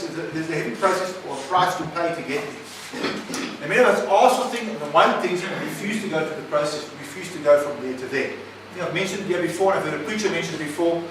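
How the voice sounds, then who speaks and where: A man's voice: sits high, a bit bright, slight background noise. A man preaching a sermon, emphatic and often questioning his listeners. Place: recovery centre meeting room. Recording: echoey room, mic at a distance.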